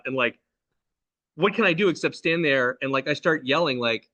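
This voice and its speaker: A middle-aged man telling a personal story in loose, rambling casual talk, leaping high when he quotes his own alarm. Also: normal speed. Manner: animated, jumps to high pitch quoting his own alarm; loose, rambling, many "like" and "right?" fillers. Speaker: spiritual channeling host.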